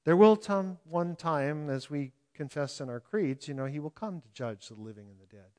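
An older man preaching a sermon in a conversational way, chuckling often and animated as he speaks. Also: fairly high pitch, moderate pace. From California. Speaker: pastor.

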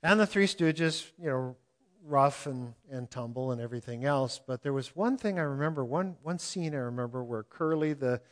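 An older man preaching a sermon in a conversational way, chuckling often and animated as he speaks. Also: mid-range voice, moderate pace. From California. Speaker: pastor.

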